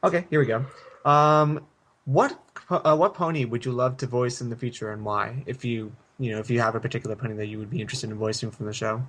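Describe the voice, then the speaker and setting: Halting young man asking questions. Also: mid-range voice, fairly even intonation, fairly bright tone, slight background noise. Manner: halting, filler-heavy questions. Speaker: radio interviewer. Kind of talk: casual interview questions.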